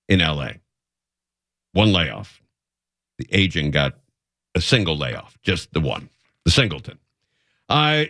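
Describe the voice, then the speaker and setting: A man hosting a talk radio show, reading out a list in a deadpan comic bit and slowly sounding out odd names. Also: mid-range voice, no echo, clean studio sound. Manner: deadpan, drawn-out mock pronunciations. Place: radio studio.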